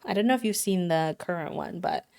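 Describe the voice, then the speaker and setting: A young adult woman streamer in casual chat, retelling a story in an animated way, with lots of fillers. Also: lowish voice, brisk, clean tone.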